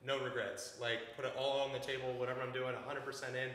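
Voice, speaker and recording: A man's voice: mid-range voice, level tone, fast talker, a bit bright. A man talking as a podcast guest in a casual, earnest, reflective way, filling his talk with "like.". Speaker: hair stylist guest. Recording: echoey room with long reverb.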